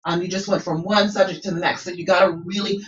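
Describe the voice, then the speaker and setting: A woman's voice: on the low side, steady tone, fast talker, fairly bright tone. Woman, coach, encouraging, dull lo-fi recording, echoey room. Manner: encouraging, frequent "okay?" check-ins. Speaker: business coach. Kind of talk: coaching lesson. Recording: roomy, distant, dull lo-fi sound.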